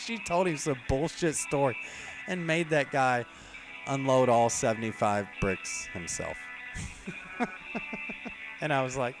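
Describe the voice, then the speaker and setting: A man's voice: mid-range voice, measured pace, pauses often, over music, poor audio. Rambling man telling work stories. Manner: rambling, frequent fillers. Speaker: live streamer. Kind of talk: casual storytelling.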